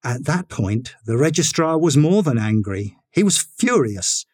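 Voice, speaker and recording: A man narrating a story in a measured, expressive reading style. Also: medium pitch, breathy edge, dry recording, clean studio sound.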